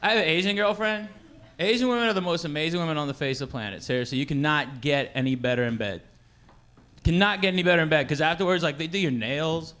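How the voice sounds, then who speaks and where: A man's voice: on the high side, fast talker, fairly bright tone. A man doing stand-up comedy, cocky and repeating his punchlines.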